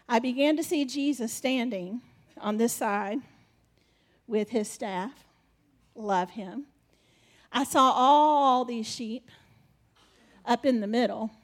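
A woman preaching animatedly and directing a live skit with her congregation. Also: fairly high pitch.

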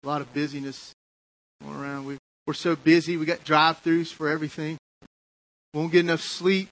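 Animated preacher man, conversational. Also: fairly high pitch, brisk, no echo, rough recording. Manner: conversational preaching, rhetorical questions, acts out quoted voices. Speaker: pastor. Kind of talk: sermon.

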